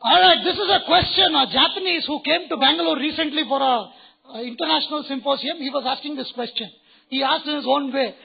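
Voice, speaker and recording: A man's voice: very high-pitched, fairly quick, vocal fry, muffled recording. A man with an Indian English accent, a native Kannada speaker, giving a playful, humorous motivational address to new students and quizzing the audience. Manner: playful, teasing, questions the audience.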